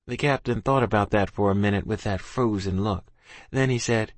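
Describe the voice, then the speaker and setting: A man's voice: lowish voice, normal speed, no echo. A man reading a first-person audiobook in a plain, folksy storytelling manner. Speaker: audiobook narrator.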